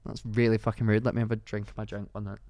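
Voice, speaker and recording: A man's voice: on the low side, rapid-fire, no echo. Rambling man telling a story. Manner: rambling, animated storyteller with frequent "like" fillers and laughs. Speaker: podcast co-host. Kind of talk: casual storytelling chat.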